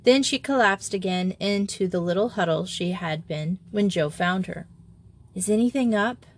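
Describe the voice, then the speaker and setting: A woman narrating a children's story in a measured reading voice. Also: fairly low pitch. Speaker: audiobook narrator. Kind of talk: scripted narration.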